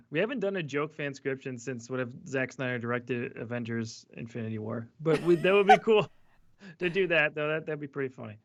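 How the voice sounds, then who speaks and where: A man's voice: mid-range voice, animated, fairly quick, highs cut off. A man guest in a casual livestream chat who searches for words and trails off.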